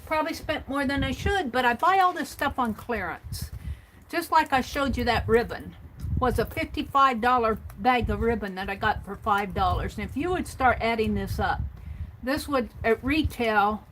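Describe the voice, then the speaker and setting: A woman vlogger casually chatting through her craft supply haul and tallying up prices out loud as she thinks. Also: fairly high pitch, animated, moderate pace, a little hiss or hum, rough recording.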